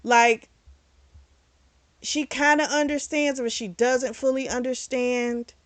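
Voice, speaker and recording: A chatty woman sums up a book's plot with frequent fillers and the odd curse word. Her voice sits at an ordinary middle pitch. The sound is dry and close, with no room echo. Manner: candid, swears casually. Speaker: book reviewer. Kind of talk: casual book review recap.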